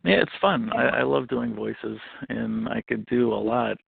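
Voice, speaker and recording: A man's voice: mid-range voice, creaky, slightly rough, dry recording. A man, an author, chatting and joking as a guest on a radio interview. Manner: joking, quick with impressions. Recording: phone line.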